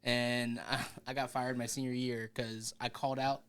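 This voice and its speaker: A man who is a youth pastor, a guest on a casual podcast chat, telling a story in a relaxed, offhand way. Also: medium pitch, moderate pace, smooth.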